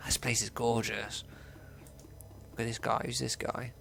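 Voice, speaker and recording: A man's voice: mid-range voice, level tone, a little slow, gravelly, pauses often, a bit bright. A man casually playing through a video game, reading its text aloud and commenting with swearing and laughter. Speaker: let's player.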